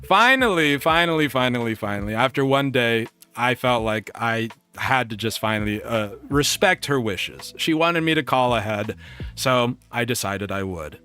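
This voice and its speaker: A man streamer telling a story casually and reading chat, animated and laughing often. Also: unhurried, soft background music. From United States. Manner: animated, laughs often, jumps up in pitch for quoted bits.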